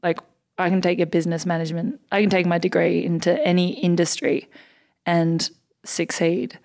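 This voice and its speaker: This lowish, creaky, darkish voice belongs to an Australian woman in her twenties who plays basketball, speaking at a normal speed with little pitch movement. As a podcast guest in a relaxed interview, she tells upbeat stories sprinkled with plenty of "like" and "um."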